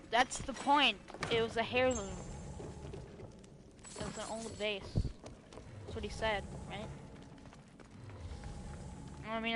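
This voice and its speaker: A woman streaming a video game live, talking back to the characters loudly and cursing freely. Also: medium pitch, noisy background. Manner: loud, profane, talks back to the game. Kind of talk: live gaming commentary.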